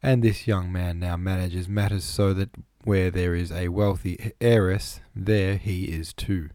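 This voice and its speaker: A man's voice: deep voice, steady tone, a little slow, warm tone, no room sound, clean studio sound. A man doing a kindly, teasing young count. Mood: amused. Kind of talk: audiobook reading.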